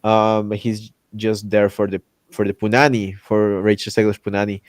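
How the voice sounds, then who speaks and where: A man hosting a casual chat, ranting in an animated way and acting out characters' lines with exaggerated voices. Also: fairly low pitch, normal speed, dry recording. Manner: loose, repetitive restarts while ranting. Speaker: podcast host.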